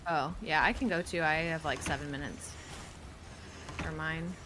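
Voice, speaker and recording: A woman co-streaming a game, chatting casually in a soft-spoken, hesitant way that often trails off. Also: sits low, steady tone, moderate pace, background noise. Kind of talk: casual gameplay chat.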